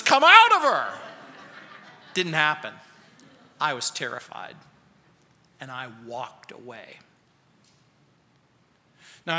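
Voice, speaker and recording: Bright-voiced pastor preaching in an echoing hall. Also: male voice, mid-range voice. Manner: earnest storytelling, sudden quiet drops for emphasis. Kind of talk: expository sermon. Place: church sanctuary. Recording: long reverb of a church hall.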